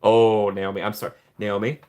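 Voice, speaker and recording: A man's voice: fairly low pitch, normal speed. Man, live-stream host, casual chat, reads chat names aloud, friendly and talkative. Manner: friendly, chatty, addresses viewers by name; playful put-on excited voices when joking. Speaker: livestream host reading chat.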